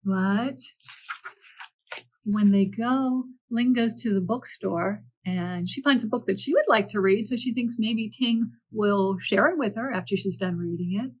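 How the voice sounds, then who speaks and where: Woman, children's librarian, picture-book read-aloud, gentle, animated, chatty asides, mid pitch. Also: measured pace, breathy edge.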